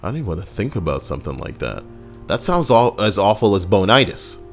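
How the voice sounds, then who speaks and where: Low-voiced man giving crude, rambling gameplay commentary. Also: big pitch swings, fairly quick. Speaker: gaming YouTuber. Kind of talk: casual gameplay commentary reading a list. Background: faint background music.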